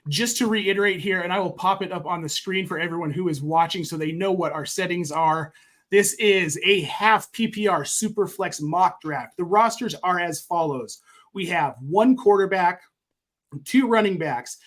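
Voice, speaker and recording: Man, high voice, podcast host, upbeat, friendly, live-stream talk. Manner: friendly, reads chat shoutouts.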